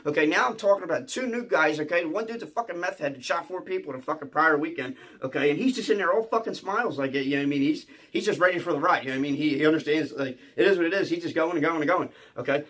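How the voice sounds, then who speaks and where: A comedian from Philadelphia telling a comic story in a profane, excitable way, often stammering and restarting and checking in with "okay?". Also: male voice, on the high side, fast, hardly any pauses.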